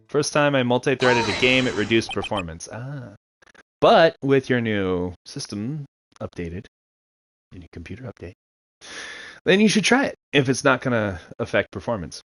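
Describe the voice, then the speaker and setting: A man giving casual, chatty commentary while playing a game, laughing often and throwing in quick asides. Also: mid-range voice, sing-song. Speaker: let's-play streamer. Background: game music.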